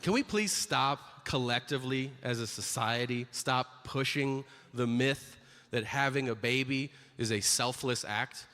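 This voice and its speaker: A middle-aged man doing a stand-up routine on a comedy stage, telling crude, deadpan stories with sudden loud outbursts. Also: mid-range voice, a little slow, in a large hall.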